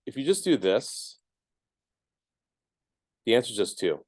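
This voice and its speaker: A man's voice: medium pitch, big pitch swings, a little slow, a little mellow, dry recording. A man teaching a math class, explaining each step casually with lots of ums and checks of "right?". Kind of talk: classroom lecture.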